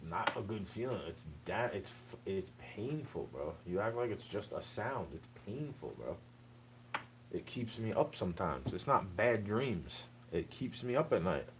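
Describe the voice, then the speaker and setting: In an aggrieved, unscripted monologue, a young man rambles straight at the listener, peppering it with repeated "bro"s. He speaks unhurriedly in a fairly low voice with big pitch swings, and there is background noise.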